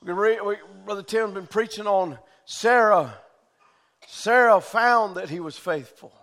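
A man preaching a sermon in a fervent style that often rises to shouting. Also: sits high, unhurried.

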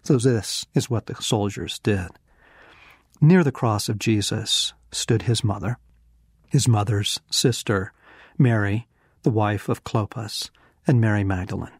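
A man with a husky, slightly low voice reads scripture and reflects on it in an earnest, hushed manner. He speaks very slowly and at moments sinks to a whisper. The sound is dry and close, with no room around it. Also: no room sound. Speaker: devotional teacher. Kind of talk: scripture reading with reflective commentary.

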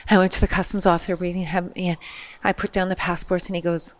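A middle-aged woman, a podcast guest, telling a personal story in an animated way, acting out the people in it. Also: fairly low pitch, quick pace.

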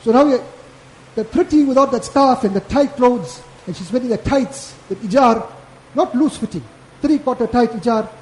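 High-voiced preacher. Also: male voice, normal speed, a little mellow. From South Africa. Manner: casual, repetitive and emphatic preaching. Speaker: maulana giving a Friday lecture. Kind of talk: Friday sermon. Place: mosque. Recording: echoey mosque hall.

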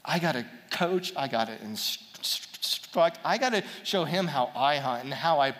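A man telling a personal story to an audience in an animated way, acting out quotes and restarting words. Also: on the high side, a little slow. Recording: long hall reverb.

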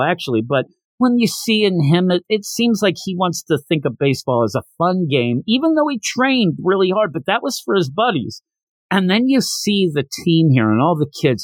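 Opinionated male podcast host, casual review chat, slightly high voice. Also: no echo. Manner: chatty, opinionated, recaps scenes.

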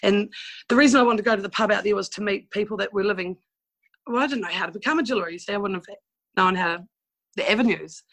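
A woman's voice: mid-range voice, fast, fairly bright tone, rough recording. A woman from New Zealand with a New Zealand accent, frankly telling stories from her past in a casual interview. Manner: chatty and frank, with mild swearing and laughing asides. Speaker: guest telling life stories.

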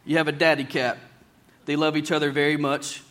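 A man preaching a sermon in a church, plain-spoken and folksy, slowing down whenever he reads scripture aloud. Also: a little high, little pitch movement, fairly bright tone.

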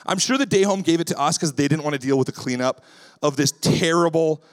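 A male pastor preaching a sermon in a relaxed, conversational way, weaving in stories about his daughters and acting out what he says to them. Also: a little high, brisk. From Canada. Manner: lively, acts out his own voice when quoting himself.

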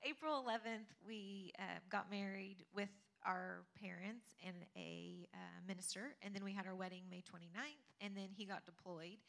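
A woman's voice: mid-range voice, steady tone, moderate pace, gravelly, hardly any pauses, a bit bright. A woman on a panel casually telling the story of her marriage, chatty and laughing between sentences.

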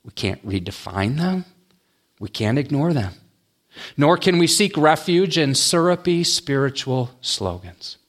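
A male pastor preaching a sermon, dropping low and quiet on his key words. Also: big pitch swings, a little slow.

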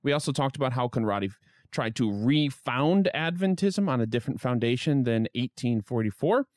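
A man's voice: mid-range voice, fairly quick, dry recording, clean studio sound. A man hosting a history podcast, reading a scripted narration with wry asides. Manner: lively storytelling with wry asides. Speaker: podcast host.

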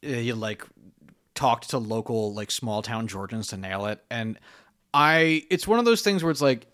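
Animated man talking films, swearing freely. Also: medium pitch, normal speed. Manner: animated, swears freely, acts out film lines. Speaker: podcast co-host. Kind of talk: casual film discussion.

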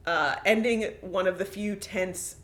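Brief: lively co-host on a chatty podcast, walks through movie scenes in detail. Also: medium pitch, unhurried. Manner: animated, recaps scenes in detail. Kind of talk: casual movie discussion.

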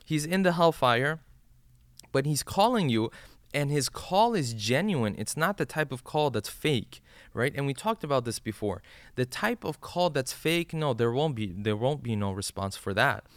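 A man teaches an old supplication, putting each line into plain words and often checking in with a quick "right?". His voice is smooth and clear, and it sits at an ordinary middle pitch. The recording is close and dry, with no room sound. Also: sing-song, no room sound. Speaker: religious teacher. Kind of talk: explaining a supplication to listeners.

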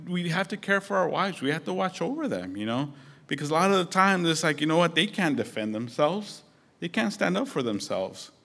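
A man's voice: fairly high pitch, a bit bright. A man preaching a sermon as pastor, conversational and storytelling with touches of humor.

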